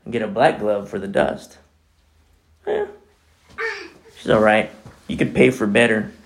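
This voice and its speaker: A man preaching a sermon as pastor, in a conversational, animated way full of asides. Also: on the low side, a little slow, creaky.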